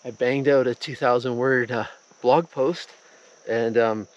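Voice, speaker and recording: A man chatting in a relaxed, playful way as a travel vlogger, recorded outdoors on an action camera. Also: medium pitch, unhurried, dull audio. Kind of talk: casual chat. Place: outdoors in a rural mountain garden.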